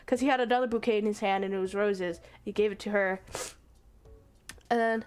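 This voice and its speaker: A young adult woman streamer casually retelling a story in a rambling, animated way, full of fillers and restarts. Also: on the high side, normal speed, pauses often, faint music behind. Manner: rambling and animated, acting out characters' lines. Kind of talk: casual stream chat, retelling a manga plot.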